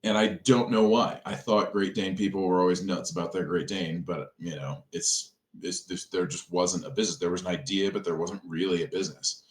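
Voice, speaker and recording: A man with a very low voice tells business stories in a relaxed podcast chat. He is animated and acts out the people he quotes. The room around him is echoey. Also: fairly quick, hardly any pauses. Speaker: restaurant owner, podcast guest. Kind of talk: casual storytelling conversation.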